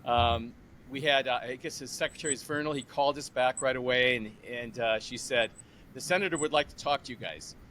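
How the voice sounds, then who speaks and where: A man in his sixties hosts a podcast interview in a casual, chatty way. He tells stories with animated voices for the people in them. A faint background hum sits under his medium-pitched voice. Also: brisk. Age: 60s. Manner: animated, retells phone calls with lively imitated voices. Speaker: podcast host.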